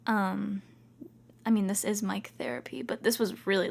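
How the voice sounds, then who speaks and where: A woman's voice: mid-range voice, little pitch movement, normal speed, creaky. Chatty young woman podcast host. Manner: chatty, reassuring, self-talking with many "like"s. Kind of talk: casual self-help talk.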